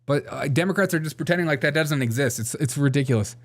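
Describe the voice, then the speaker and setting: A man's voice: on the high side, fast. Sarcastic male host, chatty commentary. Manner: sarcastic, laughs often, reads viewer comments aloud. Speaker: show host. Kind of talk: casual political commentary.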